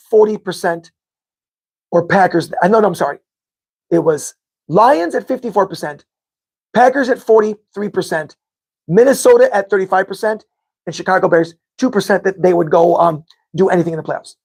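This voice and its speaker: High-pitched yet darkish and husky, this man speaks fairly quickly as host of a live sports fan podcast. He reads viewers' chat and talks casually, wandering off and repeating himself while fixing his own numbers.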